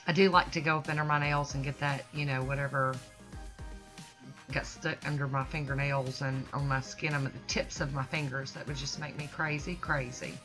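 Woman, low bright voice, folksy, enthusiastic tutorial host. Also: flat delivery, brisk. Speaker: nail art channel host. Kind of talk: casual tutorial voice-over. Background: soft background music.

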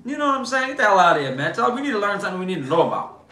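A man talks his way through a story with his audience. His voice is bright and pitched a bit high, and he peppers it with "bro" and "man." The room around him echoes. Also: rapid-fire. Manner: animated, slangy storyteller, lots of "bro" and "man". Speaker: host. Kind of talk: casual storytelling livestream.

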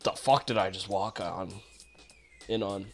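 A woman's voice: a bass voice, a little slow. Goofy woman narrating her gameplay. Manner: goofy, self-mocking, reacts loudly. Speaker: gaming video creator. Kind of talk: casual let's-play commentary. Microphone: headphones.

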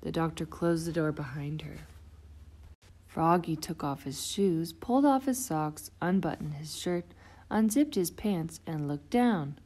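Woman reading a kids' book aloud, slow, low voice, expressive, lively sound effects. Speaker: storybook reader.

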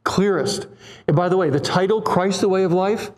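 A man in his seventies preaching a sermon, animated, acting out quoted voices and putting questions to the congregation. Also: high-pitched, normal speed. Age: 70s.

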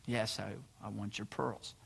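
Pastor putting on a low quiet dad voice, somber and calm. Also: male voice, unhurried, vocal fry, slightly rough, exaggerated voice. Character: somber loving father, calm and grave. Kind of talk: storytelling within a sermon.

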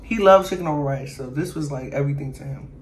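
Speaking fast in a low voice, a cooking vlogger eats and tastes on camera while calling her audience "y'all." She brags playfully about what she's made in this casual vlog, and a little hiss or hum can be heard.

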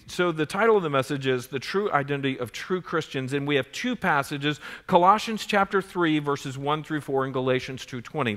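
A man's voice: fairly high pitch, fairly bright tone. A man in his forties preaching a sermon as pastor, earnest and building in force on key points. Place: church sanctuary. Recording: church sanctuary with long reverb.

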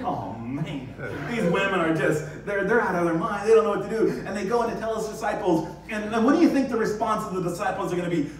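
A male pastor giving a lively sermon, acting out the scenes with sudden high bursts. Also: brisk, few pauses, background noise. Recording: very echoey church hall, distant mic.

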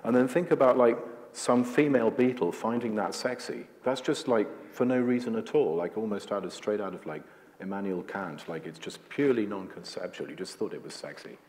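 A deep-voiced man chats onstage as the guest speaker, looping through jokey asides and restarts. His voice carries a long reverb from a large hall. The delivery is loose and conversational. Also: a little fast, darkish tone. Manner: rambling and jokey, full of "like" and restarts. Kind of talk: onstage conversation before a screening. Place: auditorium before an audience.

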